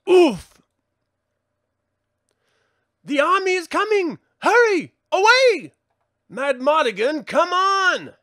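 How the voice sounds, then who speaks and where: Male comic reader, measured and slow, with a dry close-mic sound. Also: very high voice, sing-song, sharp tone, no echo. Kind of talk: reading a comic aloud.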